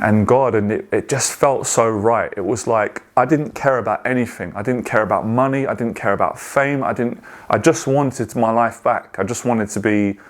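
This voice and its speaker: Earnest man, halting and emotional. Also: mid-range voice. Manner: earnest, halting, with many restarts and repeated words. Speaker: guest sharing a testimony. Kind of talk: emotional personal testimony.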